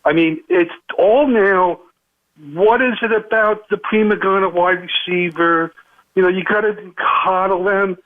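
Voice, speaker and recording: A male caller comes through a thin, tinny phone line. His voice sits high, and he chimes in agreeably while grumbling about modern players. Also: unhurried. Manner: agreeable, nostalgic complaining. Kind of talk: call-in talk radio.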